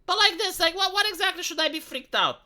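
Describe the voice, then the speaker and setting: A man riffing on a livestream with a very bright, sharp tone. He rambles and mocks with dry sarcasm, piling up asides and rhetorical questions. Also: very high voice, animated, fast talker. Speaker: livestream host. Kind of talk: livestream commentary.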